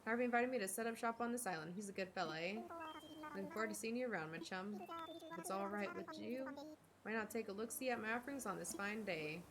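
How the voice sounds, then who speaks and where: A woman reading aloud the lines of a smooth-talking male skunk who sells shoes in a video game, in a playful tone. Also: medium pitch, fast, noisy background, natural voice. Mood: breezy.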